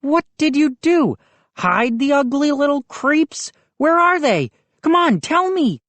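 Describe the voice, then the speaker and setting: A woman plays a hulking neighborhood bully boy in a storybook reading, his voice pitched up high and jeering as he sneers and threatens. the lines swing up and down with lively, bouncing pitch. the sound is close and dry. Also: takes it slowly, no echo, exaggerated voice. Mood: threatening. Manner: taunting, threatening.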